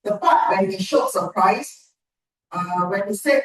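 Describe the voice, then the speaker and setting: A woman giving a measured, encouraging speech evaluation at a club meeting. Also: medium pitch, animated. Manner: measured, encouraging feedback with pauses. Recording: echoey room from far off.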